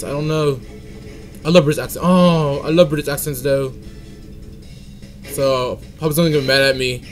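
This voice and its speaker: A man's voice: on the high side, fairly even intonation, moderate pace, pauses often, faint music behind. A young man giving playful let's-play commentary, singing silly made-up tunes and scolding the game. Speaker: gaming channel host.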